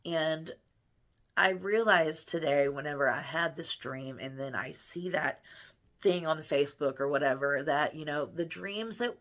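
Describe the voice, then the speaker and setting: A middle-aged woman with a notably low voice shares a personal story straight to camera from home. She speaks earnestly and rambles, circling back on herself with frequent restarts and fillers, in the manner of a spiritual vlogger. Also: a bit bright. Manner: earnest, rambling, with many restarts and "you know".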